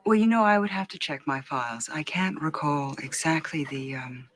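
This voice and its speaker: An actress playing a flustered female executive who is caught out, halting and evasive in film dialogue. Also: sits low, no room sound.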